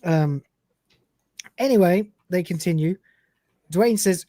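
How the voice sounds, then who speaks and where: A man's voice: on the high side, normal speed, dark tone, no room sound. A man hosting a live stream, loosely reading a script aloud and chatting with a casual, swearing manner. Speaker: host.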